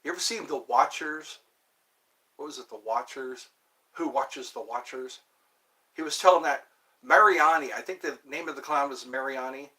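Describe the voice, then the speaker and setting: A man's voice: medium pitch, moderate pace, bright, forceful tone. Rambling man chatting to his viewers. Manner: rambling, sings song snippets, laughs at himself. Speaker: channel host. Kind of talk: rambling solo vlog chat.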